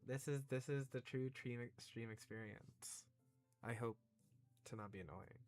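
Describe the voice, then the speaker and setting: A man's voice: medium pitch, measured pace, soft background music. A man streaming a game, rambling and swearing in casual commentary, often cutting himself down. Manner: rambling, swearing, self-deprecating.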